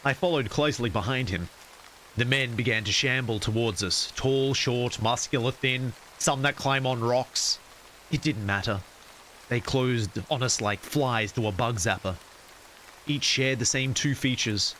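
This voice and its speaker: A man's voice: medium pitch, a little slow, fairly bright tone, slight background noise, poor audio. A man streaming, casually reading a horror story aloud and cracking jokes to chat. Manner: casual, wisecracking asides to chat.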